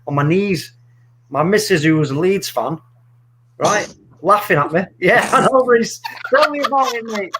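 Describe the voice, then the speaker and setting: A middle-aged man telling a story in casual chat, animated and swearing freely. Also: sits high, normal speed, background noise. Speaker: podcast co-host.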